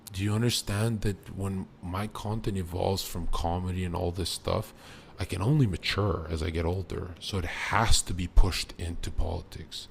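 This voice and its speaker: A young man streaming live, boastful and profane, jumping between loud bursts and low mutters. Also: fairly even intonation, moderate pace, gravelly, slight background noise. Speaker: livestreamer.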